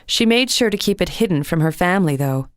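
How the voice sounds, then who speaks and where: Expressive woman reading a children's story. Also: on the low side, fairly quick, no echo, clean studio sound. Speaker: storybook narrator.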